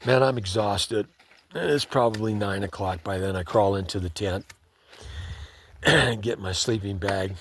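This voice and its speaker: A man's voice: fairly low pitch, a little slow, breathy edge. A man telling a story in a laid-back, conversational way, often saying "man". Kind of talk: casual spoken storytelling.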